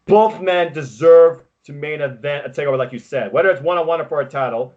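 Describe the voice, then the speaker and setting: Excitable higher-voiced man recapping matches. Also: muffled recording. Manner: excitable, quick play-by-play recapping. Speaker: podcast co-host. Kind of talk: casual wrestling recap chat.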